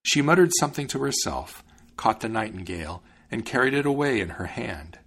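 A man reading a fairy tale aloud as a storyteller, in a measured, expressive manner. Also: mid-range voice, slightly rough. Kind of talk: storybook narration.

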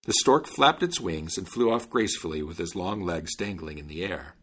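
A man narrating a fairy tale in an expressive, lively reading style. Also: low voice, normal speed, breathy edge. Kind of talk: storybook narration.

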